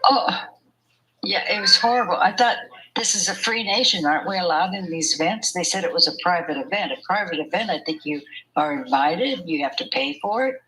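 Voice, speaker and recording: Older woman, interview guest, low voice, bright tone, chatty storytelling, laughs often. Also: expressive, a little fast, rough recording. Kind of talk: conversational storytelling.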